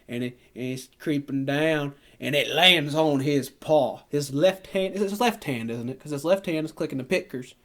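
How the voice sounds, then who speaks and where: A man's voice: on the high side, normal speed, hardly any pauses, fairly bright tone. Rambling man recapping a movie. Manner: rambling, acts out movie scenes in silly put-on voices. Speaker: podcast co-host. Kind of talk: casual movie recap chat.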